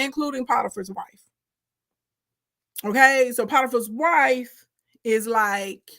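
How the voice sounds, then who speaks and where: A woman giving a lively, slangy, humorous Bible retelling, calling her listeners girl and baby. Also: high voice, moderate pace, gravelly, pauses often. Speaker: Bible storyteller.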